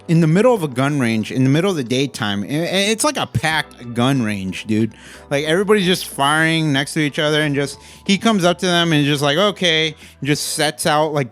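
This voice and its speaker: Man, casual movie review, rambling, swears a lot, faint music behind. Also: a little high. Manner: rambling, profane, animated.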